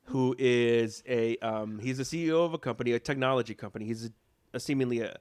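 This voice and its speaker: A young man chats loosely as a podcast host, joking and doubling back on himself. His pitch sits right in the middle for a man. He talks at an easygoing pace. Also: steady tone, fast talker, a little mellow, clear, resonant tone. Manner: rambling, joking, self-correcting. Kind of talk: casual chat. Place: home.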